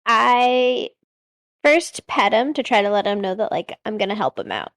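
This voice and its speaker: A woman's voice: a little high, lively intonation, fairly bright tone, no echo, clean studio sound. A woman playing a tabletop game, talking in a casual, chatty way with many likes. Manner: casual, chatty, quick to laugh. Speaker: player.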